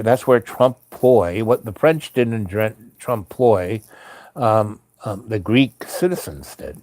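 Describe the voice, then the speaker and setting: Rambling low-voiced man telling a story. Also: slow pace, darkish tone, dry recording. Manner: rambling, meandering with many fillers and restarts. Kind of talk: casual anecdotal storytelling.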